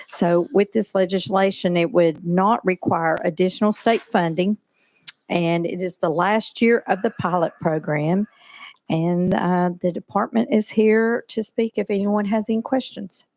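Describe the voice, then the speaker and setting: A woman with a somewhat low voice presents a bill to a legislative committee. She speaks in a brisk, matter-of-fact way. Her voice is picked up dry and close on a desk microphone. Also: steady tone, a little mellow, dry recording, rough recording. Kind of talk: committee testimony. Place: legislative hearing room.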